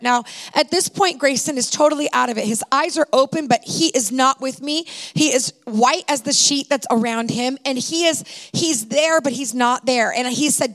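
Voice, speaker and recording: A middle-aged woman tells a personal story from a stage, her voice high and edged with a gravelly fry. She retells the scene with heartfelt drama, slipping into quoted dialogue. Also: moderate pace, hardly any pauses. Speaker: speaker telling a personal story to an audience. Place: stage before a live audience.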